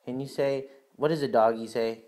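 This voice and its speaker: A young father at home, patiently quizzing his toddler with simple questions and giving warm praise. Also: mid-range voice, steady tone, moderate pace, slight background noise. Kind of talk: home video, casual parent talk.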